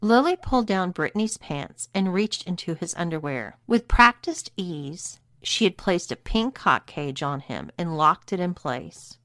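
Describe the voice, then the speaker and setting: A woman narrating an erotic story in a steady, even reading voice. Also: lowish voice, unhurried, few pauses, no room sound, studio quality. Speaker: story reader.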